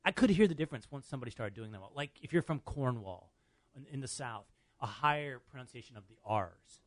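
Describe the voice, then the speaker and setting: Fast-talking radio host. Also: male voice, mid-range voice, animated, no echo. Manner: quick, upbeat, prompting questions, laughs easily. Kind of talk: radio talk show banter.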